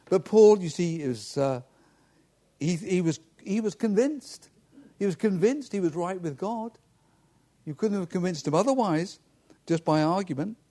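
Pastor man preaching, high voice that jumps around a lot, kinda mellow tone. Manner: earnest, direct preaching to the congregation. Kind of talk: sermon.

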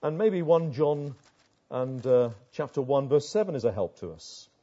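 A man's voice: medium pitch, lively intonation, normal speed, mellow, lo-fi sound. An older man preaching a sermon as pastor, earnest, often asking rhetorical tag questions.

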